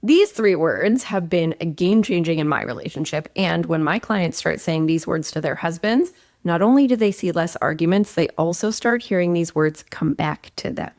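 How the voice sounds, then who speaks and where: Expressive woman coach, lowish dry voice. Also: moderate pace, dry recording. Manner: expressive and emphatic, with frequent upward swings and a few laughs. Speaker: relationship coach and host. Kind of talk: direct-to-camera relationship advice talk.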